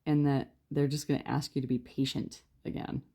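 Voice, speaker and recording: Woman, tarot reader, gravelly, mellow tone, quiet chatty delivery, rambling. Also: a bass voice, level tone, normal speed. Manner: chatty, rambling, lots of fillers; talking quietly. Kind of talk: casual spoken tarot reading.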